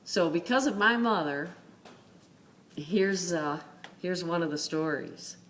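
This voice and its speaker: A woman's voice: on the low side, takes it slowly, a bit bright, a little hiss or hum. A woman telling a personal faith story in an earnest, conversational way, with many fillers. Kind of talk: casual spoken testimony.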